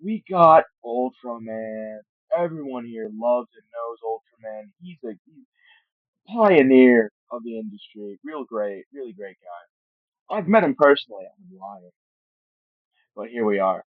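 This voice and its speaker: A man's voice: mid-range voice, animated, measured pace, no room sound. A man hosting his channel in a casual, rambling way, full of joking asides and stumbles, tired from filming late at night. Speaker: channel host. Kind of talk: casual commentary on a fan game roster. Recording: tinny phone-like dry mic.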